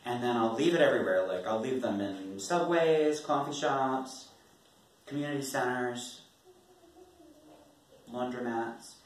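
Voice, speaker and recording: A man's voice: mid-range voice, a little slow, long pauses, a little hiss or hum. A man, a poet, casually telling an audience about his writing in a rambling, wry way, laughing often. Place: performance venue. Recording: echoey room from far off.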